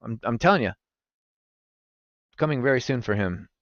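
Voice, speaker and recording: A man's voice: medium pitch, moderate pace, no echo, dull audio. A young man streaming live, chatting casually with his viewers and swearing freely. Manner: animated, swearing, talks to chat. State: recovering from gallstones.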